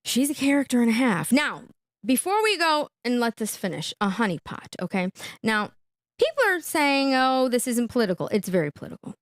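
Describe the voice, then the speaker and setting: Animated woman hosting a live reaction stream. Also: on the high side, a little fast, dry recording, studio quality. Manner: chatty, laughs often, repeats "okay?".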